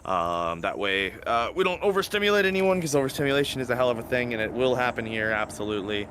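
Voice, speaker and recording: A man's voice: medium pitch, lively intonation, fast. A man leading a roleplay group in casual voice chat, with many hesitant fillers. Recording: loud background noise.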